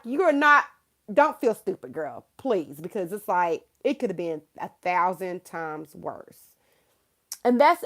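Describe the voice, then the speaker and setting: A thirty-something woman reads tarot live in a fairly bright, high-sitting voice. She talks plainly with the viewer, whom she calls girl, and laughs a lot along the way.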